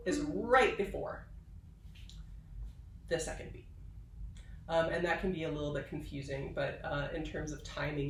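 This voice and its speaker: A woman viola professor giving a patient, explanatory instrumental tutorial, pausing now and then with fillers. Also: low-pitched, roomy sound, recorded from a distance, poor audio. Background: viola playing.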